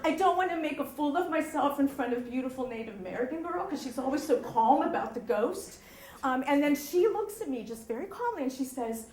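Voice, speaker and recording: A woman telling a true story live on stage, animated, often checking in with the audience. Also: sits high, a little fast, reverberant.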